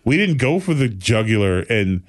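Animated man telling a comic story. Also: fairly low pitch, normal speed. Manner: animated storyteller who slips into mocking impressions. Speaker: podcast co-host. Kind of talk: casual chat.

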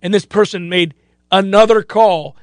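A man's voice: high-pitched, steady tone, moderate pace, no echo. A man hosting a sports talk radio show, chatting casually and acting out other people's lines.

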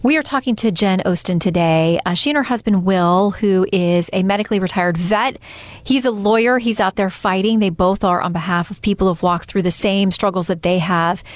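A woman's voice: mid-range voice, moderate pace, no echo. A woman hosting a podcast interview, talking in a chatty, encouraging way. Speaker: podcast host. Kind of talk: conversational interview.

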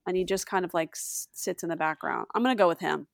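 Gravelly, blunt middle-aged woman guest. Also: lowish voice, fast, no echo, clean studio sound. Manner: blunt, opinionated and self-mocking. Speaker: podcast guest. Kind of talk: casual podcast chat.

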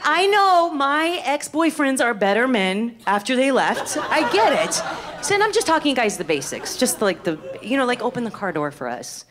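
A woman from Miami doing stand-up comedy, brash and animated, swearing freely on a live stage mic. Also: fairly high pitch, normal speed. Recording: live stage mic with loud crowd laughter.

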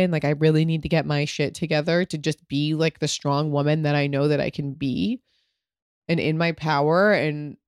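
A woman's voice: low-pitched, a little mellow, dry recording. Frank, emotional woman podcaster, dry sound. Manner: frank, emotional, swears freely, many fillers. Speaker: podcast host. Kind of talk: candid solo podcast talk.

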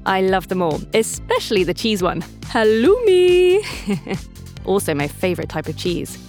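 A woman hosting a children's story podcast, narrating in an animated way with playful asides to young listeners. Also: fairly low pitch, fairly quick, faint music behind. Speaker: storyteller and host.

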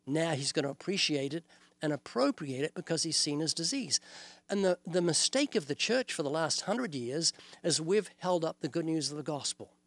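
A man's voice: fairly high pitch, expressive, moderate pace. An older man with a New Zealand accent, a guest on an interview show, explaining his message earnestly and acting out little dialogues as he goes. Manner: earnest, illustrative, quotes scripture and acts out dialogues. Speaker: evangelist guest. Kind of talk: preaching in an interview.

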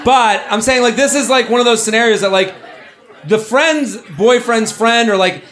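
High voiced guy hosting a live comedy show, rambly jokes, crowd loud behind him. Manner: rambling, joking, quick asides. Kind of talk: live comedy advice banter. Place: live venue with an audience. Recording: lively audience crowd behind.

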